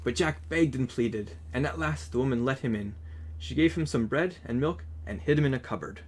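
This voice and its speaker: A man reads a children's picture book aloud at an even, gentle pace. His voice is husky and of ordinary pitch. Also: fairly quick. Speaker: storyteller.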